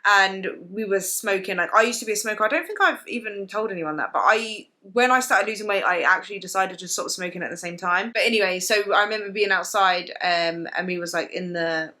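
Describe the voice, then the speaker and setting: A woman's voice: medium pitch, fairly quick, hardly any pauses, sharp tone. A young British woman telling a personal story to camera in a casual, emotional way, full of "like" fillers. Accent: British English. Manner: emotional, confiding, lots of "like" fillers. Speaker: vlogger.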